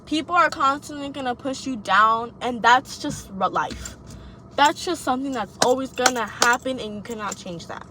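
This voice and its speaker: A woman's voice: high voice, lively intonation, moderate pace, noisy background. A young woman vlogging advice to camera from a parked car, blunt, rambling and profane. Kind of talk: casual monologue to camera.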